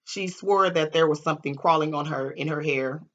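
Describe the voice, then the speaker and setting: A woman vlogger telling a story in a casual, animated, profane way, laughing often and acting out what people said. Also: sits low, normal speed, lo-fi sound.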